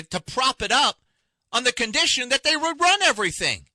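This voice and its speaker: Man, talk radio host, lively swooping voice, very dry close studio sound, impassioned rhetorical questions. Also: very high-pitched, moderate pace, no room sound. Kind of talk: opinionated talk radio monologue. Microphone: studio microphone.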